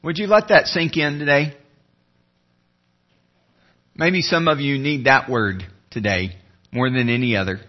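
A man preaching a sermon as pastor, earnest, slowing and dropping low when he reads scripture. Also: expressive, muffled recording. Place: church sanctuary.

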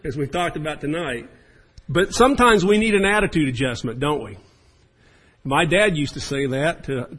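A man's voice: fairly high pitch, slightly rough, rough recording. A man preaching a sermon as the pastor, in a folksy and chatty storytelling manner.

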